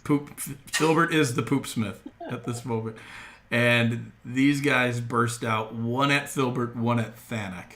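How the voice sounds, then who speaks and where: Bright-voiced man running a tabletop game. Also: mid-range voice, fairly even intonation, slight background noise. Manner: loose, laughing, quick asides. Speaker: game master.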